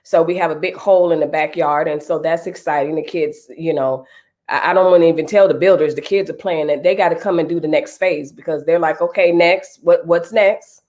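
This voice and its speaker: A woman's voice: low-pitched, fairly even intonation, a little fast, a little mellow. Stuffy-nosed woman hosting a live chat. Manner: chatty, greets viewers by name. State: stuffy, nasal from a cold. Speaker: live stream host.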